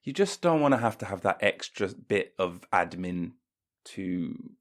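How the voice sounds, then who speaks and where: A man's voice: deep voice, sing-song, unhurried. A man hosting a comedy podcast, ranting in a mock-pompous way and breaking into silly voices. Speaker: podcast host.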